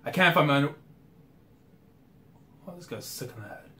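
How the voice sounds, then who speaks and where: A man's voice: on the high side, expressive, moderate pace, pushed and bright. A young man reading a manga aloud for a live reaction video, breaking off into slangy asides. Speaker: anime and manga reaction youtuber.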